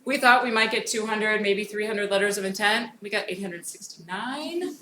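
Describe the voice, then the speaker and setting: A woman with a bright, forceful, medium-pitched voice presents on federal grant programs at a conference hall, keeping it brisk and informal with frequent "um"s. The room echoes and has a little faint noise.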